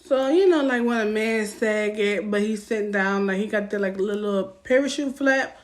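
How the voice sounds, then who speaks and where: A young woman with a Southern US accent, telling a story-time vlog in a casual, loud and profane way, acting out what people said. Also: medium pitch, normal speed. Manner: animated, loud and profane, acting out quotes with rising heat.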